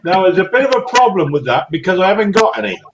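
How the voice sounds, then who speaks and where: A fairly high-voiced man tells jokey stories as a guest on a live stream. Clear background noise hisses behind his voice on the line. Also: animated, fast, highs cut off. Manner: jokey, chuckling. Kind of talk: casual live stream banter.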